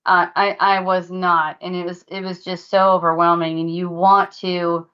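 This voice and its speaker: A woman's voice: fairly low pitch, little pitch movement, moderate pace, smooth, muffled recording. A woman co-hosting a paranormal podcast, earnestly recounting at length what spirits showed her. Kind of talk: casual podcast discussion.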